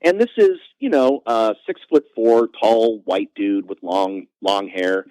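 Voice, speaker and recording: A man, a comedian guest on a podcast, telling self-mocking anecdotes in a lively conversational way. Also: no echo, poor audio. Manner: animated, self-mocking anecdotes with quick pitch jumps. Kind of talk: conversational storytelling.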